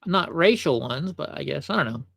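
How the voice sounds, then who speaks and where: A man's voice: a little high, lively intonation, normal speed, creaky, a bit bright, no echo, studio quality. A man hosting a livestream and giving casual reaction commentary, full of offhand asides. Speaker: livestream host.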